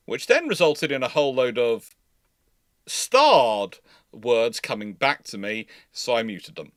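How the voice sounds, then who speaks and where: A man's voice: mid-range voice, very animated, a little slow, a bit bright, dry recording, studio quality. A man hosting a live naval history Q&A stream, telling rambling anecdotes and acting out the quotes, on a video call mic. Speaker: host.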